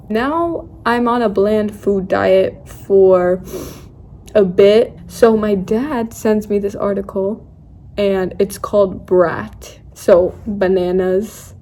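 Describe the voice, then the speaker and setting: A woman's voice: medium pitch, steady tone, takes it slowly, dark tone. A young woman vlogging, telling a story in a casual, dramatic, self-mocking way and acting out her own quotes. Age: young adult.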